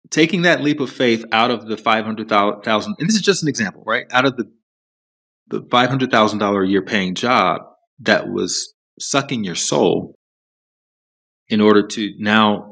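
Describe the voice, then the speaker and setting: Man, podcast guest, earnest, reflective, fairly low voice. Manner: earnest, explanatory, steady. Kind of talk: reflective interview talk.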